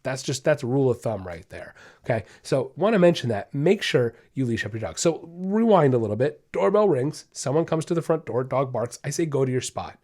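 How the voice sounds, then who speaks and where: A man hosts a dog-training podcast in a relaxed, chatty voice. His pitch sits in the middle range for a man. He keeps checking in with listeners as he walks them through each step. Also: fairly quick. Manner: casual, upbeat, addresses listeners as guys, many okays and rights. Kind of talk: instructional podcast talk.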